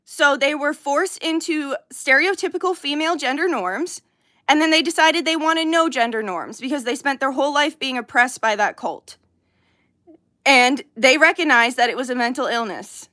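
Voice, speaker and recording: A woman who reads cards on a live stream, ranting heatedly and yelling with plenty of swearing. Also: sits high, moderate pace, no room sound, clean studio sound. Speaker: livestream card reader.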